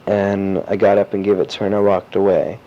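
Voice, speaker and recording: A man's voice: low voice, flat delivery, mellow. Teenage guy rambling thru his diary, lots of likes and ums, muffled old tape recording. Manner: halting and rambling, many fillers and restarts. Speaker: diarist. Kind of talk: personal audio diary recounting events. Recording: dull lo-fi cassette tape with faint hiss.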